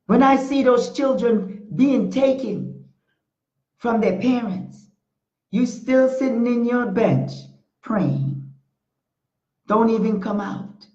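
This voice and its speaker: A middle-aged woman hosting a talk show, preaching in a fiery, declarative way and repeating phrases for emphasis. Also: fairly high pitch. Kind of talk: impassioned preaching monologue. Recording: echoey room, dull lo-fi sound.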